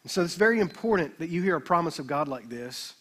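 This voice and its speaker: A man pastor preaching a sermon, emphatic, with slow dramatic scripture readings. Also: on the high side, animated, fairly bright tone.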